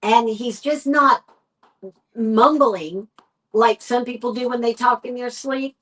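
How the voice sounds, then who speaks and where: A woman with a Texan accent, a paranormal investigator, telling a story in a podcast interview and acting out the quoted dialogue in an animated way. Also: a little high, slow, low-quality recording. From United States.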